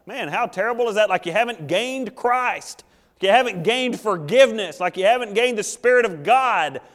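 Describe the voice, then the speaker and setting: A man preaching in a church sanctuary with an animated, joking storytelling manner, acting out small scenes as he goes. His voice sits high for a man. A long hall reverb trails behind each phrase. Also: normal speed. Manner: animated, jokey storytelling with acted asides. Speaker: pastor. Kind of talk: sermon.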